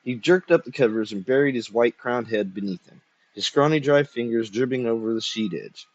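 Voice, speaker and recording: A man reads a dark short story aloud in a low, hushed manner. His voice is husky and sits at an ordinary pitch. The recording is dull and lo-fi. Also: lively intonation, brisk. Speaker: reader. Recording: dull lo-fi sound.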